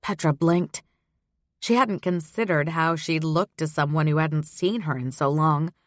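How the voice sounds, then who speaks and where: This scripted audiobook narration comes from a woman with a low, slow voice who tells the story in a steady, measured way. It is a dry recording with clean studio sound.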